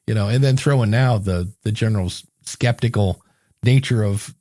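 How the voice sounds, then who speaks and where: A man's voice: lowish voice, normal speed, mellow, no echo, clean studio sound. A man co-hosting a podcast, chatting casually and telling rambling stories in which he acts out the people he quotes. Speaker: podcast co-host and coach. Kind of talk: casual podcast chat with sponsor reads.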